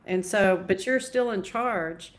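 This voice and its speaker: Reflective, halting middle-aged woman. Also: mid-range voice. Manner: reflective, halting, many restarts. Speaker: guest. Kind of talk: casual conversational chat.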